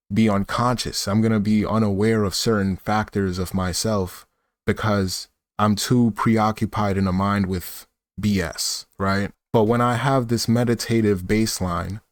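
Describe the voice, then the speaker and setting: A man's voice: on the low side, no room sound. A man, talking loosely in a casual monologue full of fillers and tag questions. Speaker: vlogger.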